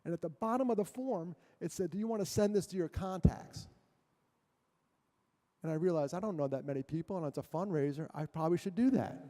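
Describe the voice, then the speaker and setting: Animated man telling stories in a reverberant hall. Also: fairly high pitch, fairly quick. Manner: animated, self-mocking storyteller with jokes. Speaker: guest speaker. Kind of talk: storytelling talk to a church audience. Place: church hall.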